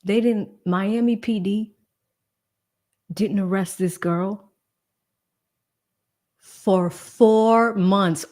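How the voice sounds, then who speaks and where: Female livestream host, true crime commentary; indignant, emphatic, slow and deliberate delivery. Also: mid-range voice, fairly even intonation, darkish tone. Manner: indignant, emphatic, talks straight to viewers.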